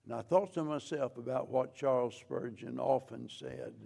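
A man preaching a sermon as pastor, slow and measured, with frequent restarts. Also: medium pitch, creaky, dark tone.

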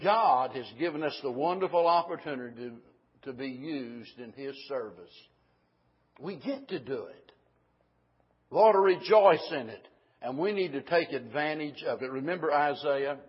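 A preacher with a high, husky male voice delivers a sermon, swinging between easy asides and fervent, emphatic peaks. The recording is dull and lo-fi, as if taped in a church. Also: animated, normal speed.

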